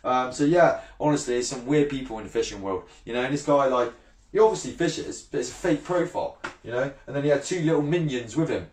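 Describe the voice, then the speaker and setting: A man's voice: mid-range voice, fast talker, darkish tone, roomy sound. A brash man in his thirties, ranting bluntly and swearing freely in a casual vlog, often laughing. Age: 30s. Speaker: fishing channel vlogger.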